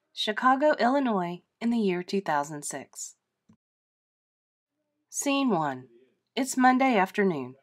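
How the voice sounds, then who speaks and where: A woman teacher reads the stage directions of a classroom play aloud. Her voice sits at a middle pitch, and her reading is clear and measured for young listeners. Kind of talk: classroom read-aloud narration.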